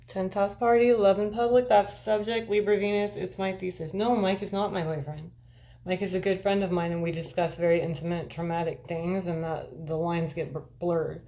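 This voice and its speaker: A woman with a fairly low-pitched voice talks casually to her live-stream viewers. She rambles from thought to thought and swears freely, candid and unfiltered as she calls out to people in the chat. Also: fairly even intonation, normal speed, warm tone. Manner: rambling, candid and profane, talking straight to viewers. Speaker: livestream host chatting with viewers.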